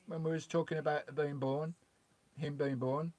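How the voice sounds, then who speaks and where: A man's voice: on the high side, little pitch movement, moderate pace, darkish tone, dry recording. A man chatting casually on a live stream from his campervan, reading out chat messages in a rambling way with mild swearing. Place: parked in a campervan.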